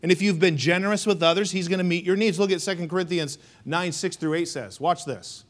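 Emphatic high-voiced male preacher. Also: a little fast. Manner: emphatic, call-and-response preaching with rising and dropping delivery. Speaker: pastor. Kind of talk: sermon.

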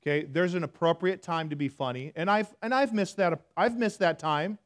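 Conversational pastor preaching. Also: male voice, fairly high pitch, moderate pace. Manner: conversational, self-deprecating, swings from hushed to loud. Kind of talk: sermon. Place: church.

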